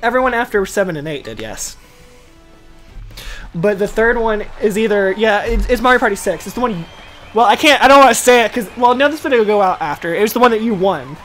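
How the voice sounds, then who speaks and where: A woman's voice: medium pitch, expressive, brisk, faint music behind. A woman hosting casual gameplay commentary, jokey and self-mocking as she chats with a friend. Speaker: gaming channel host.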